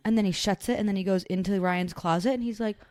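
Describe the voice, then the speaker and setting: A mother in her thirties co-hosting a casual podcast, telling lively stories and acting out the voices in them. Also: medium pitch, quick pace, no echo, clean studio sound. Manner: animated storyteller, acts out voices, swears casually. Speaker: podcast co-host. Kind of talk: casual chat.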